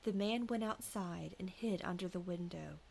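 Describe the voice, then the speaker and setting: A woman podcast co-host narrating a folk ghost story in a hushed, whispery way, then chatting casually. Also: on the low side, moderate pace, creaky, slight background noise.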